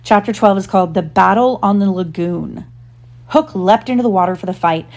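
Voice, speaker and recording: A woman reading a storybook aloud to her child, expressive, pausing to ask gentle questions. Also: medium pitch, creaky.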